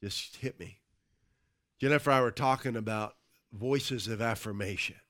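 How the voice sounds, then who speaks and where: A man's voice: mid-range voice, moderate pace, a bit bright, dry recording, clean studio sound. A man who co-hosts a church talk, declaring scripture with emphasis and then chatting casually. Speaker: pastor co-hosting. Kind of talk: preaching, then casual chat.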